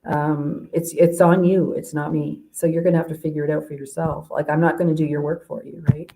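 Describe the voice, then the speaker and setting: Guest spot: a low-pitched woman coach from Canada, rambling and chatty, full of fillers and restarts. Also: level tone, a little fast, warm tone, low-quality recording. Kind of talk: casual interview chat.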